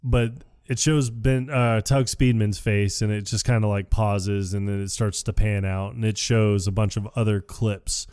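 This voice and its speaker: A man casually recapping a film on a podcast, acting out the characters' lines with animated voices. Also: on the low side, a little slow, hardly any pauses, clean tone, no room sound, clean studio sound. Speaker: podcast co-host.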